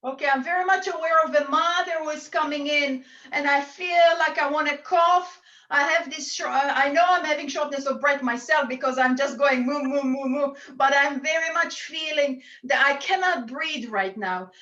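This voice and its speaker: High bright medium over dull video-call audio. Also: female voice, moderate pace. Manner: earnest, relays messages in quoted speech. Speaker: spiritualist medium. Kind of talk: mediumship reading at a church service.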